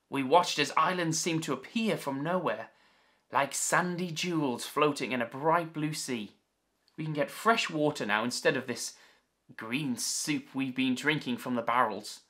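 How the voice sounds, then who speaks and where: A man's voice: fairly high pitch, bright, forceful tone. A man voicing a bold old sea captain as he reads out his log, in a jolly, theatrical storybook style. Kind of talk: storybook reading.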